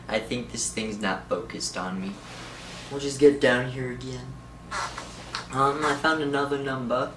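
A man's voice: mid-range voice, fairly even intonation, unhurried. A young man rambling in a casual vlog, giggling a lot. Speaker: vlogger. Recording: roomy, from far off, faint noise.

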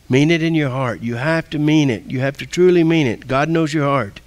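A male pastor delivering an impassioned sermon and altar-call prayer. His voice sits a bit high for a man and swings from ringing calls to near-whispers. The sound is dry and close. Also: brisk, hardly any pauses, no room sound.

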